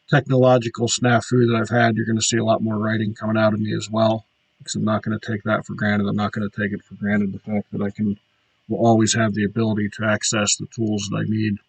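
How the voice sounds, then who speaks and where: A man hosting his podcast, talking through a reflective solo monologue with frequent pauses and fillers. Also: lowish voice, completely flat delivery, husky, no echo, low-quality recording. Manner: reflective, halting with many fillers. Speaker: podcast host.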